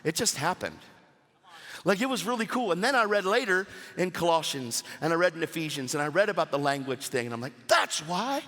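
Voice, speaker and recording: A man preaching a sermon at a church service, animated and casual, with slangy asides to the crowd. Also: a little high, fairly quick, in a large hall.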